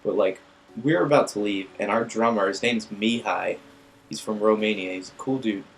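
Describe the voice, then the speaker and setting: A man's voice: on the low side, normal speed, slight background noise, poor audio. A young man casually telling a rambling, profane story to his viewers. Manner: rambling, filler-heavy, profane. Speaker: vlog host.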